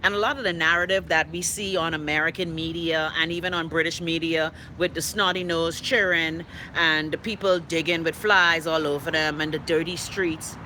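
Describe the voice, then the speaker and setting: A woman's voice: deep voice, fairly even intonation, normal speed, hardly any pauses, bright, forceful tone, a little hiss or hum. A middle-aged woman with a Bahamian accent hosting a live stream, reading viewer comments and giving her blunt, profane opinions. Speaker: host.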